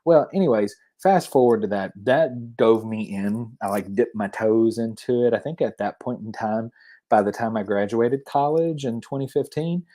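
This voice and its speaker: A man's voice: medium pitch, moderate pace, warm tone. Rambling Southern-accented man. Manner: rambling with many restarts. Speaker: podcast guest. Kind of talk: casual chat.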